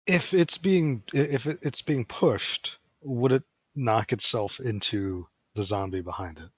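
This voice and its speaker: A man's voice: medium pitch, measured pace, fairly bright tone, husky, no echo. A man playing in an online tabletop game, hesitant and asking questions with frequent restarts. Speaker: player. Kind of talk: casual tabletop game chat.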